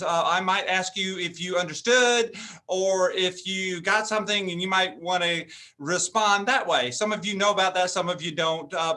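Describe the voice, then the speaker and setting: A man in his fifties giving an energetic, joking motivational talk over a video call, laughing often. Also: sits high. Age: 50s. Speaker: motivational speaker.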